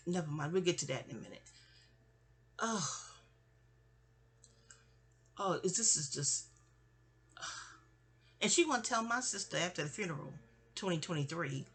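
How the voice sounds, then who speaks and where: A husky, mid-range voice with a slight brightness belongs to a woman in her forties recounting family stories. Candid and rambling, she often trails off and restarts, doing impressions of people in quotes.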